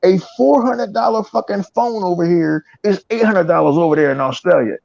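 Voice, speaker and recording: A man hosting a podcast, ranting profanely and mocking others in an animated way. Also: high-pitched, brisk, vocal fry. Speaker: podcast host. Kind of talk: casual chat. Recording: dry, dull lo-fi sound.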